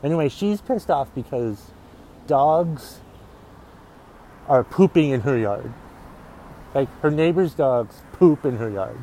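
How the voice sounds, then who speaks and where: A man's voice: mid-range voice, animated, takes it slowly, pauses often, mellow, a little hiss or hum, rough recording. Profane grumbling man ranting outdoors. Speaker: comedian podcast host. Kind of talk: casual solo podcast rant. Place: outdoors in public.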